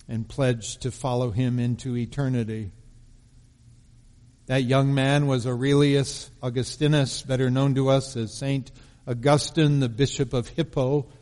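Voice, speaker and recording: Male pastor, mid pitch, measured storytelling sermon, long hall reverb. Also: a little mellow. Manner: measured storytelling delivery, slowing for emphasis.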